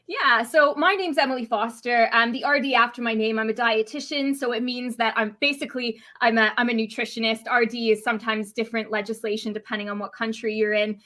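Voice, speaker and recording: Bright-voiced Canadian woman guest. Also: fairly high pitch, fairly even intonation, a little fast, few pauses. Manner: friendly, with frequent fillers like um and you know. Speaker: guest dietitian. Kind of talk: interview conversation.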